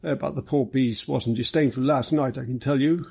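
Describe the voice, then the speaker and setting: A man reading an audiobook, voicing a middle-aged police superintendent who talks in an easy, jovial, brisk way. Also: mid-range voice, steady tone, gravelly, a little mellow, husky. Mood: genial. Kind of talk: audiobook character voice.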